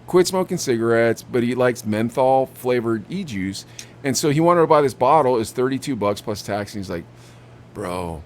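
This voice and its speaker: A young man co-hosting a podcast, telling animated stories about customers at his vape shop and acting out what they said. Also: mid-range voice, moderate pace, a little hiss or hum. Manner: animated storytelling, acts out customers. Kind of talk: casual chat.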